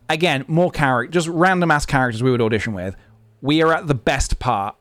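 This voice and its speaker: A man's voice: on the high side, normal speed, a bit bright, dry recording. A young man live-streaming, chatting casually and thinking aloud with lots of fillers as he goes.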